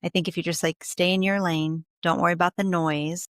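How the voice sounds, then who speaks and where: A woman's voice: lowish voice, fairly even intonation, a little fast, no echo, studio quality. A woman hosting a podcast, chatting casually with her guest, with lots of "you know" and "like" fillers. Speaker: podcast host. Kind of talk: casual interview chat.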